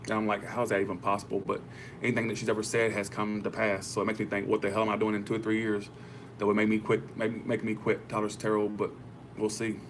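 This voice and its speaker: Rambling casual man, low voice. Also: completely flat delivery, fast talker, slight background noise. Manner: rambling, restarts often, swears casually. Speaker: tarot livestream host. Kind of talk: casual livestream chat.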